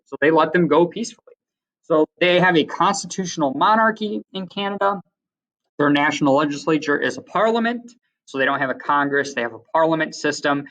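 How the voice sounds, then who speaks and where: A man's voice: fairly high pitch, brisk, fairly bright tone. Chatty man teaching, distant mic. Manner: chatty, many fillers, tells anecdotes. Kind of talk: casual classroom lecture. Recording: distant, dull lo-fi recording.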